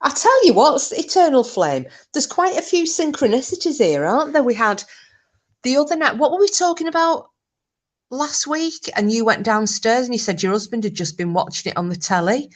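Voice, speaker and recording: A woman's voice: sits high, animated, moderate pace. Chatty grandmother chatting with viewers. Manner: chatty, laughs often, reads out viewer comments. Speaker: livestream host. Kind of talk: casual chat with live viewers.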